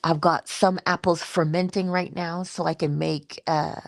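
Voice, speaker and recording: Low gravelly woman, chatty and playful. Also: level tone, measured pace, no room sound. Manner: chatty, laughs often, playful asides. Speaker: inspirational speaker. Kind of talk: casual spiritual talk.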